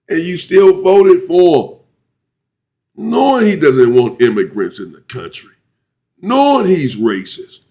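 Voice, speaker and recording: A man hosting his own commentary channel, ranting indignantly and jumping to high exclamations. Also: a little mellow.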